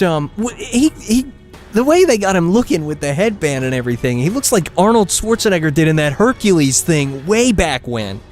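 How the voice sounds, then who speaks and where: Soft music sits under a male streamer's high, sing-song voice, which has a darkish tone and a moderate pace. Commenting live on his game, he rambles and rants, restarts often, laughs frequently and exaggerates his complaints.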